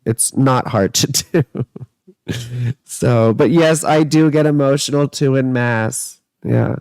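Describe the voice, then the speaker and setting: A man with a fairly high voice talks loosely and playfully as an astrologer answering viewers. He drifts between jokes and musing, close and dry on the mic. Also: slow pace, smooth, no echo. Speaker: astrologer and tarot reader. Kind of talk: casual livestream chat answering viewer comments.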